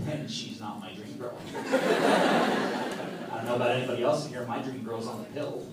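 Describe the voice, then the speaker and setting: A man doing a stand-up comedy set on a club stage, telling stories in a punchy, exasperated way with sudden loud outbursts. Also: medium pitch, moderate pace, heavy background noise. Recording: echoey club room from a distance. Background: audience laughter and club ambience.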